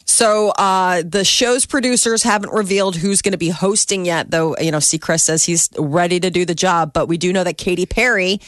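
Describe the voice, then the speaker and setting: A woman's voice: lowish voice, steady tone, moderate pace, few pauses, dry recording. A woman co-hosting a radio show, chatting casually with plenty of hesitant fillers, in a studio. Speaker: radio co-host.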